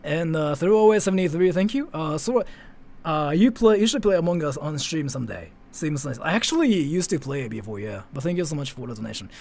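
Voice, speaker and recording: This young man, a native Japanese speaker, answers his live-stream chat in a relaxed, wandering way, peppering everything with "like" and letting each phrase die away quietly. His voice is fairly high, expressive and creaky, and he speaks briskly.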